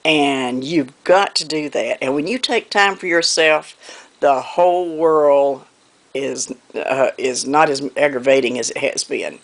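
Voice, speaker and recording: A woman's voice: very deep voice, measured pace, gravelly. A woman from North Carolina with a Southern accent, chatting casually to her viewers while hand quilting. She rambles in a folksy way and often trails off before picking the thread back up. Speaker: quilting vlogger.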